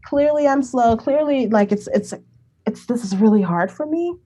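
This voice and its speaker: Animated storytelling woman in her forties. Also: fairly high pitch, moderate pace. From Brooklyn, New York City. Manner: animated, chatty, acts out remembered dialogue, laughs often. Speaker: interview guest. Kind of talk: casual conversational storytelling.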